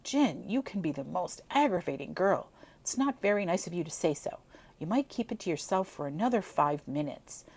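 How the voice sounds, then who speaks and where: A woman's voice: on the low side, animated, moderate pace, vocal fry, darkish tone, husky, heavily acted. A woman reading aloud, voicing a moody young man who fumbles for words with the girl he loves. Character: gloomy, tongue-tied young man in love.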